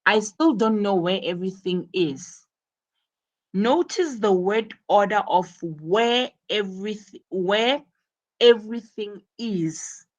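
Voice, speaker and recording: A woman's voice: medium pitch, animated, slow, muffled recording. A woman teaching an English lesson, explaining each point carefully and repeating words for emphasis. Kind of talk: classroom explanation.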